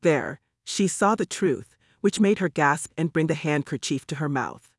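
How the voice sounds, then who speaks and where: A man narrating an audiobook in a measured, even storytelling manner. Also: on the high side, no room sound, clean studio sound.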